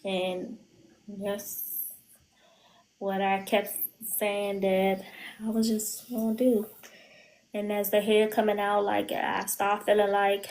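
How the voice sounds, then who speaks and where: A woman's voice: medium pitch, little pitch movement, slow, pauses often, darkish tone, poor audio. A woman speaking candidly on a podcast, telling an emotional personal story and often quoting her own words. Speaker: guest. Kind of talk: podcast interview.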